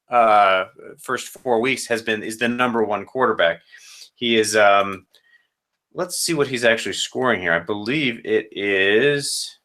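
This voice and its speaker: A man's voice: medium pitch, bright, forceful tone. A man who runs a fantasy football league, casually rambling through matchup predictions with self-corrections and joking asides.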